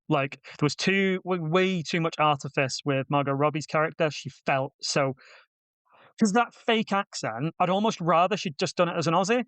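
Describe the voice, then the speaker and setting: A man hosting a film podcast, giving casual reviews in a wry, self-deprecating way with quick asides. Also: fairly high pitch, a bit bright, no room sound.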